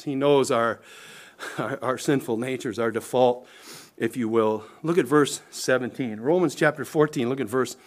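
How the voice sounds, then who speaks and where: Emphatic male preacher. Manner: emphatic preaching, rises and falls in pitch and volume, occasional chuckles. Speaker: pastor. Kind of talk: sermon.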